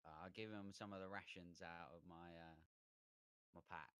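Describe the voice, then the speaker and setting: A man's voice: low-pitched, fairly even intonation, moderate pace, a bit bright, clear, resonant tone, dry recording. A man playing a tabletop game, talking through his character's actions with hesitant fillers. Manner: hesitant, thinking aloud with fillers. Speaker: player.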